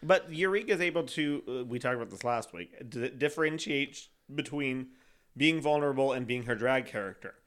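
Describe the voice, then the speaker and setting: A chatty young man co-hosting a casual talk show. He laughs often, rambles through his stories and slips into playful voices when he quotes people. His pitch sits in the middle for a man. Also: fairly quick, fairly bright tone. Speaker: podcast co-host. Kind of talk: casual chat.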